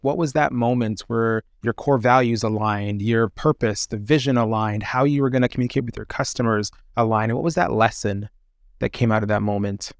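A male podcast host asks long, loose questions full of fillers. His voice sits in a middle pitch, and the sound is dry and close. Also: smooth, no room sound. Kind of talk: casual interview.

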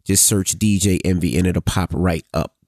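A man's voice: low-pitched, normal speed, no echo, clean studio sound. A man co-hosting a casual podcast, telling stories animatedly with the odd curse. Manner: animated storytelling, swearing, hums sound effects. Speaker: podcast co-host. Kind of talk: casual chat.

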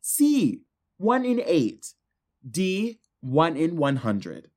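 Low-voiced woman hosting trivia. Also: big pitch swings, very slow, a little mellow. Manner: teasing, upbeat announcing. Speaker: quiz host. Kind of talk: hosting a casual trivia game.

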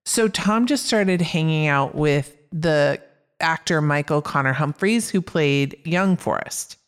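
Woman cohosting a movie podcast, smooth clear voice, upbeat trivia chat. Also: low-pitched, slow. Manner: reads film facts, upbeat. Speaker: podcast co-host. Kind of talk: casual film-trivia chat.

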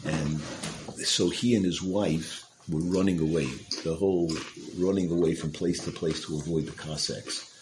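Casual male storyteller, deep-pitched, teaching a moral tale, faint noise behind. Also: steady tone, normal speed. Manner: casual, conversational, with fillers and restarts. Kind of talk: storytelling Torah talk.

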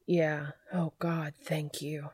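A woman's voice: deep voice, level tone, slow, a little mellow, slightly rough, dry recording, heavily acted. A woman reading the part of a joking, eager adult man in a casual tone. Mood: teasing, eager. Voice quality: casual and teasing. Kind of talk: audiobook character reading.

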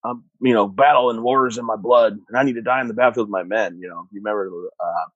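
A man in his thirties, a combat veteran, telling his own story in a steady, matter-of-fact way. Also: fairly low pitch, fast talker, no room sound. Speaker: interview guest, combat veteran. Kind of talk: personal storytelling. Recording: dull muffled sound, dry.

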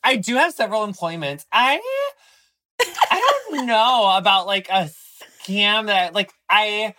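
Playful campy guy on a podcast, bright voice that swoops around a lot. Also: sits high, unhurried. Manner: animated, camp, playful. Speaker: podcast guest and host. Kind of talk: casual podcast chat.

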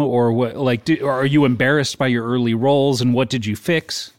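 Halting, deadpan man, dry close sound. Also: medium pitch, no room sound. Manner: halting, restarts a lot, deadpan. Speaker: podcast co-host. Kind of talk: improvised comedy podcast chat.

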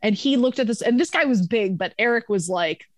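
A young woman, a former bar manager, telling a story in casual podcast chat, animated and profane, acting out the people she quotes. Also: on the high side, a little fast, no room sound.

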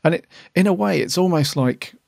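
A man's voice: fairly high pitch, animated, a little fast, vocal fry, darkish tone, dry recording, clean studio sound. A man co-hosting a casual podcast review, talking earnestly and at length about what moved him. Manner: earnest, emotional, rambling. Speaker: podcast co-host.

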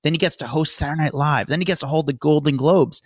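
A man's voice: a little high, quick pace, dry recording, studio quality. A man co-hosting a casual chat show, talking in an opinionated, exasperated way. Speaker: co-host.

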